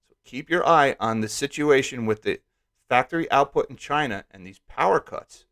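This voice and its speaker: A man's voice: medium pitch, expressive, moderate pace, gravelly, fairly bright tone. A man from rural Pennsylvania hosting a casual market commentary live stream, chatty, reading headlines aloud and often asking "right?". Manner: reads news headlines aloud.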